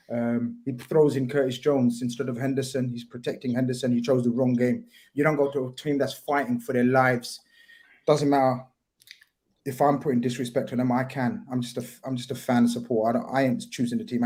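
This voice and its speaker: A man's voice: mid-range voice, darkish tone. A man with a London accent ranting and teasing his friends in a casual football chat on a podcast.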